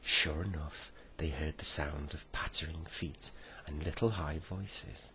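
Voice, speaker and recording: A man reading a bedtime story aloud gently, now and then correcting himself. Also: rumbling low, fairly even intonation, measured pace, slight background noise, poor audio.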